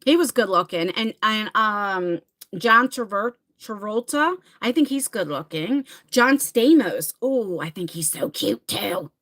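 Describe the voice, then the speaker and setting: A middle-aged woman with a New Jersey accent hosts a loose, rambling livestream chat. Her pitch swings widely as she jumps between thoughts and viewer comments. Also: lively intonation, unhurried, a bit bright. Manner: rambling, chatty, reads comments aloud. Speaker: livestream host.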